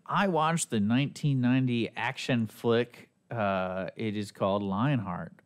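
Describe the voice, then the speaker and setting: A middle-aged man chatting on a movie podcast, voice sitting at an ordinary middle pitch. He recaps plots in an animated way and slips into little acted-out quotes. The talk is loose and casual among friends. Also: measured pace, smooth. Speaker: podcast host reviewing movies. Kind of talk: casual chat.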